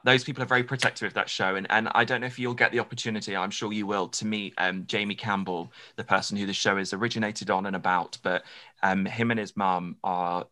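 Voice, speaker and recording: A male podcast host with a lowish voice that still comes across bright and forceful. He talks quickly and effusively, piling on praise in a casual interview chat. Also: steady tone.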